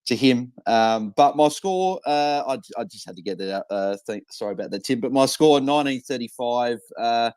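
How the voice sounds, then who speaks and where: A man's voice: medium pitch, expressive, normal speed, hardly any pauses, darkish tone, clean tone, dry recording. A man with an Australian accent co-hosting a casual fantasy football podcast, chatty and blokey, with plenty of fillers and restarts. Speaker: co-host.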